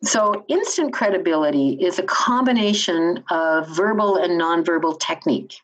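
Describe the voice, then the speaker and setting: A woman's voice: fairly low pitch, lively intonation, normal speed. A woman from Canada explaining communication ideas in an interview, enthusiastic and teacherly in manner. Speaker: communication trainer. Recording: slightly dull lo-fi sound.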